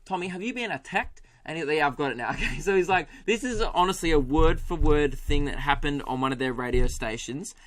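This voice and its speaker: Bright, animated Australian man ranting. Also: fairly high pitch, a little fast, hardly any pauses. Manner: animated, swearing, laughing, doing impressions. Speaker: podcast host. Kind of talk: solo comedic podcast rant.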